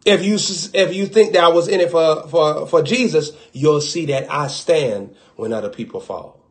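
A man with a Southern US accent preaching a sermon, swinging between loud exhortation and hushed low asides and acting out little dialogues. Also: normal speed.

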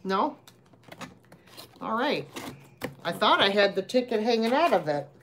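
Chatty lady selling stuff on a live stream, slow and rambly, voice goes up and down a lot, bit of hiss behind. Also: medium pitch, very animated, a bit bright. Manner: chatty, rambling, many fillers. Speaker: live sale host. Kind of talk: live-stream sales chat.

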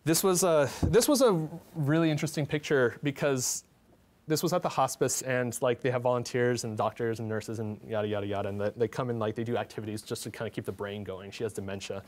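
Young man, halting heartfelt talk. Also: medium pitch. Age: young adult. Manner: halting, many fillers and restarts, heartfelt. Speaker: photojournalist presenting his work. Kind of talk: talk presenting photographs.

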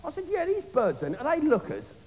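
A man's voice: extremely high pitch, wildly swooping pitch, a little fast, a little mellow, full character voice. A man playing a brash, boastful working man, telling a swaggering story live on stage. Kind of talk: live stand-up character comedy. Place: comedy club stage, live audience. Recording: reverberant live venue, faint ambience.

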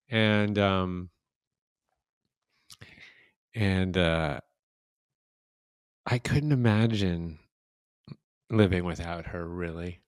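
A man in his fifties hosting a podcast interview, telling reflective stories in a casual, unhurried way. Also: low-pitched, no echo, clean studio sound. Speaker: podcast host.

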